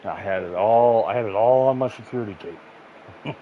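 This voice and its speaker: Low-voiced crude rambling man gamer. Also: normal speed. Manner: crude, rambling, laughs often, swears freely. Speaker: gaming streamer. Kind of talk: casual profane storytelling while gaming. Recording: muffled lo-fi with noisy background.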